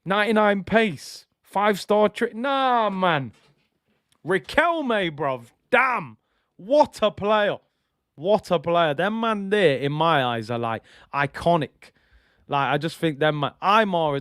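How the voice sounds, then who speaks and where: A young man chatting through a live football watch-along, excitable and nostalgic, full of slangy banter. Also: fairly high pitch, no echo, studio quality.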